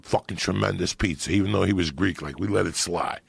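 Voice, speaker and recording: A middle-aged man telling loud, profane, laughing stories as a podcast guest. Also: low voice, a little fast, creaky, breathy edge, no room sound. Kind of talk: profane storytelling chat.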